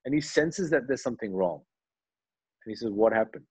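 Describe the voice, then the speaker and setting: A man, animatedly retelling film scenes in an interview and quietly acting out the lines. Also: medium pitch, fairly quick, slightly rough. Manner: animated storyteller, acts out dialogue lines quietly. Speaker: actor, interview guest.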